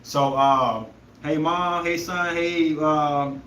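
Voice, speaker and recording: A man's voice: fairly high pitch, fairly even intonation, drawn-out words, fairly bright tone, reverberant, a little hiss or hum. A young man hosting a podcast, telling a story in a loose, rambling way and searching for words. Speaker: podcast host. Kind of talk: casual storytelling chat.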